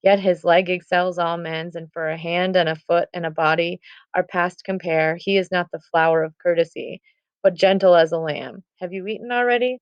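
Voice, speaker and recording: A woman's voice: fairly low pitch, steady tone, moderate pace, smooth, no echo, lightly acted. Woman reading as a weary old complaining servant. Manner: plain read-aloud delivery, little voice change. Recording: dull, muffled recording.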